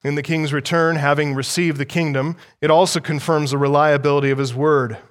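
A pastor preaching an expository sermon in a measured, emphatic way. He teaches by asking the listeners rhetorical questions and repeating key phrases. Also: fairly high pitch, steady tone, long reverb tail.

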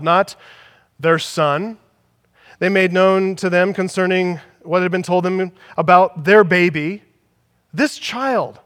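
A man's voice: sits high, unhurried, long pauses, a bit bright. A man preaching a sermon as pastor, emphatic, building his points through repetition. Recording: long hall reverb.

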